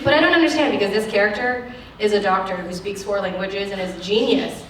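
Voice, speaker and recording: An actress speaking frankly at a lecture, acting out the people she quotes in an animated way. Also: medium pitch, a little fast, few pauses, slight background noise. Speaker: actress giving a guest lecture. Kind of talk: candid talk at a lecture Q&A. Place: lecture hall. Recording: echoey hall, distant mic.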